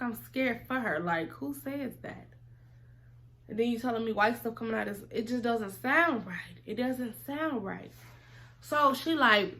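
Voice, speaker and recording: A young woman telling a casual storytime, animated and slangy, acting out both sides of the conversation. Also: a little high, a little slow.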